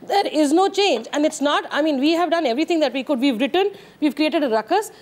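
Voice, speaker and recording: A woman's voice: high-pitched, expressive, a little fast. A woman with an Indian English accent speaking as a guest on a television debate, earnest and frustrated.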